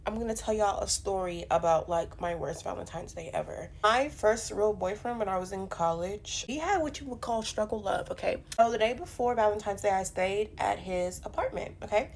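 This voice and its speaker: A young woman telling a funny personal story in a casual storytime vlog, animated and profane, with punchy delivery. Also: mid-range voice, moderate pace, few pauses, a little hiss or hum. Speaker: storyteller vlogger.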